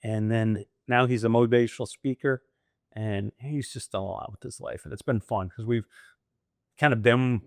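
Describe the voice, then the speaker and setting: A man's voice: mid-range voice, moderate pace, gravelly, no room sound, studio quality. A middle-aged American man, a guest in an interview, telling stories animatedly, laughing often and acting out what others said. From United States. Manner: animated, laughs often, acts out quoted dialogue. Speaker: guest, former military pilot and franchise owner. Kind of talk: conversational storytelling interview.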